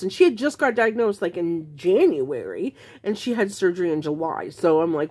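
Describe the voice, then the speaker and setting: A woman's voice: lowish voice, big pitch swings, moderate pace, hardly any pauses, mellow, husky. A woman vlogging to camera, frankly telling her own story in a casual, exasperated way, rambling with restarts.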